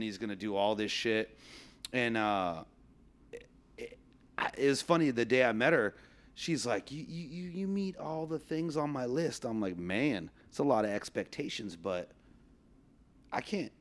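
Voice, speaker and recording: A male podcast host chatting casually with a guest. He tells loose, rambling stories, laughs often and swears freely. His voice sits at an ordinary pitch for a man. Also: normal speed.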